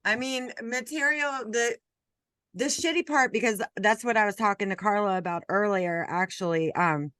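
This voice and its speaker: A woman's voice: medium pitch, normal speed, fairly bright tone, no echo, studio quality. A woman hosting an interview, chatting casually and bluntly with loose swearing. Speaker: interview host. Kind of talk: casual chat.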